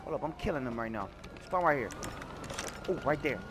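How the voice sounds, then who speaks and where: A man giving loud, animated, slang-filled commentary while playing a video game, swearing often. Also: medium pitch, a little fast, noisy background. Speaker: gaming YouTuber. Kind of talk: casual gameplay commentary.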